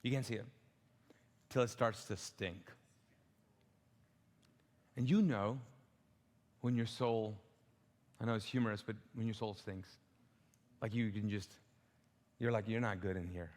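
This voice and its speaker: A man preaching a sermon as a pastor, animated and humorous, asking the congregation to call out answers. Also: lowish voice, unhurried, long pauses. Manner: tells humorous stories with acted-out quotes. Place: church auditorium. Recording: long hall reverb.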